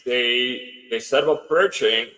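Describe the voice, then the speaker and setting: A man's voice: medium pitch, unhurried, sharp tone, rough recording. Man telling a story in rambling reported speech. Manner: retells events with lots of quoted dialogue; rambling, with restarts and filler words. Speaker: podcast guest, house owner. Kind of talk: casual storytelling.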